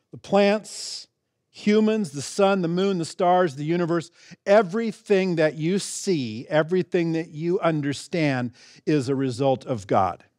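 A middle-aged male pastor preaching a sermon, conversational with restarts and asides, stressing key words with sudden jumps in pitch. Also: darkish tone, no echo, studio quality. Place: church sanctuary.

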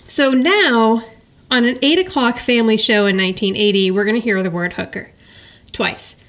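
A woman co-hosting a podcast chats casually and laughs often as she recaps a sitcom episode, paraphrasing what the characters said. She's animated, with a fairly high voice and a moderate pace.

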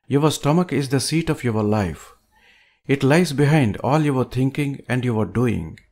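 A man reads an old book aloud as an audiobook. His voice sits at a middling pitch. His delivery is measured and emphatic. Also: a little mellow. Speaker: audiobook reader. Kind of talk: audiobook reading.

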